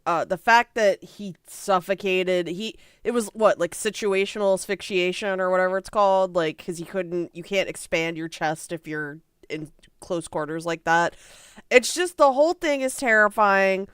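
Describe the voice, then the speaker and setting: A woman streamer reacting live in casual commentary, talking bluntly and swearing freely. Her voice is smooth and clear. It is recorded close in a dry space. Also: medium pitch, normal speed, no echo.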